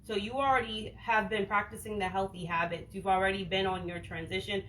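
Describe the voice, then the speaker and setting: A woman from Boston talks straight to her viewers in a loose, slangy livestream chat, peppering everything with "like" and dropping the occasional swear. Her voice sits at an ordinary middle pitch. A faint noise hangs behind her, as from a phone mic in a home kitchen. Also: steady tone, fairly quick, a bit bright, poor audio. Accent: Boston, without the stereotypical broad vowels. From Boston, USA. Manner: frank and slangy, many "like"s, swears casually. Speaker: wellness livestream host. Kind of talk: casual livestream chat answering viewer comments.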